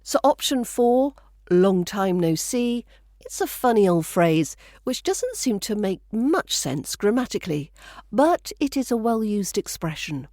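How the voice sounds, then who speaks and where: A woman's voice: fairly high pitch, very animated, measured pace, warm tone, no room sound, clean studio sound. A woman with a British accent giving a scripted pronunciation lesson, speaking carefully and repeating each phrase as a model. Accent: British English. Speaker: accent coach.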